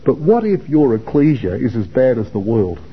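A man's voice: medium pitch, very animated, moderate pace, breathy edge. An older man from Australia giving an informal Bible talk to young men, chatty, repeating words and putting questions to his listeners. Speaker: Bible class teacher. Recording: dull lo-fi recording.

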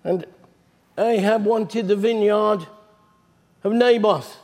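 A high-voiced man speaks at a slow pace as he preaches, recounting stories from scripture like a chatty storyteller. It comes across as animated, conversational storytelling, captured with long hall reverb.

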